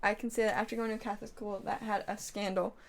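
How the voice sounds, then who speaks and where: A woman's voice: medium pitch, flat delivery, quick pace, creaky. A young adult woman livestreamer in casual chat, giggly, rambling and self-mocking.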